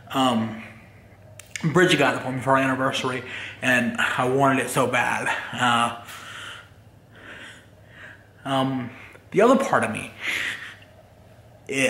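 A man recording a confessional vlog in his garage, talking in a halting, upset way with many pauses. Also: medium pitch, sharp tone, reverberant. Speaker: vlogger.

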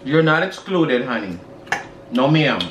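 A sassy man chatting over a meal, drawling out his words and calling everyone honey. His voice is animated and swoops around. It sounds roomy and set back from the mic, with a faint hiss. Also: mid-range voice, measured pace, lo-fi sound. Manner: sassy, drawling, peppering lines with honey and girl. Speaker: co-host. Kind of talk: casual mukbang chat. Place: indoors at a dining table. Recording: roomy, slightly distant, faint noise.

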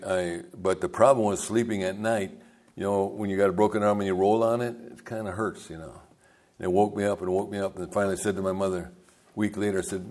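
An older man, a pastor, telling rambling folksy stories in a sermon and chuckling as he goes. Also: lowish voice. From United States.

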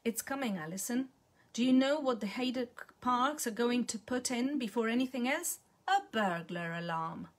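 A woman's voice: on the high side, lively intonation, moderate pace, pitched above the performer's own voice. A woman reading the part of Millicent, a bitter, scornful elderly woman who lectures her friend.

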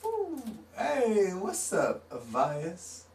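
A man's voice: sits high, huge pitch swings, drawn-out words, creaky, a little mellow, far from the mic, slight background noise. Laid-back man chatting on a live stream. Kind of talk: casual live-stream chat. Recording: roomy, off-mic, faint guitar music.

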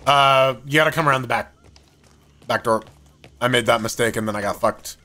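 A man streaming a co-op game, calmly narrating objectives and chatting with a teammate. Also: mid-range voice, fairly quick. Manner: relaxed, narrates objectives aloud. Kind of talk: casual co-op gaming chat.

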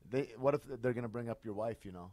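A man's voice: mid-range voice, fast talker, darkish tone. A man hosting a podcast in casual chat, laid-back and swearing freely. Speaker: podcast host.

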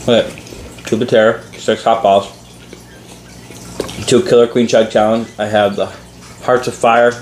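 A man's voice: lowish voice, level tone, measured pace, long pauses, darkish tone, a little hiss or hum. A man hosting a challenge channel, chatting casually in a laid-back, rambling way with lots of fillers. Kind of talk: casual chat. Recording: echoey room.

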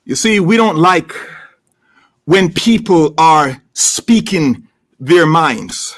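A man's voice: a little high, animated, extremely slow, fairly bright tone. A man preaching a sermon in a church, building up with emphatic, repeated phrases. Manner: preaching with rising, emphatic repetition. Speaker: pastor.

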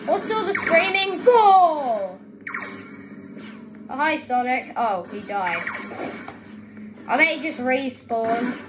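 A young woman giving excitable gaming commentary, often yelling at other players. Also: high voice, slow pace, long pauses, low-quality recording. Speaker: gaming video creator. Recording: gameplay with music behind.

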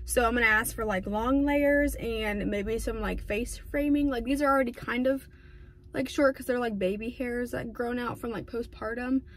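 A young woman vlogging casually, talking fast and filling with "like" and "um", filmed on a phone in her car and later on a tripod at home. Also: on the high side. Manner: fast, chatty, lots of "like" and "um". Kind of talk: casual vlog chat. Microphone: phone camera, then on a tripod.

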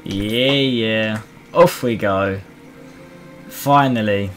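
A man's voice: lowish voice, drawn-out words, fairly bright tone. A man hosts a casual let's play, chatting cheekily as he goes. Faint game music runs under his voice. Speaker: gaming host.

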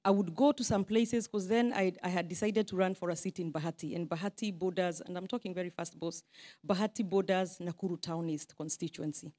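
A woman's voice: lowish voice, steady tone, brisk, warm tone. A Kenyan woman in her forties giving an informal, self-deprecating speech to a crowd as a politician, with Swahili asides. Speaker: politician addressing a diaspora meeting.

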